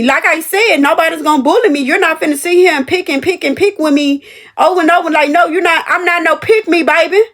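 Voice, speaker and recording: Young woman, high voice, animated and emphatic, storytelling vlog straight to viewers. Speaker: store cashier telling a work story. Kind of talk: casual storytelling to camera.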